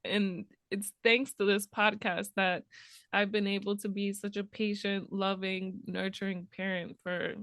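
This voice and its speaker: A woman's voice: mid-range voice, level tone, measured pace, a bit bright, no echo, clean studio sound. Young mother, laughing through tears. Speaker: podcast co-host, mother. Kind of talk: casual heartfelt chat.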